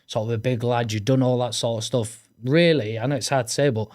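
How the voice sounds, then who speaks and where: A man's voice: mid-range voice, steady tone, a little fast, a little mellow. A man, hosting a podcast interview with brief, sympathetic questions. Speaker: podcast host. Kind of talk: conversational interview.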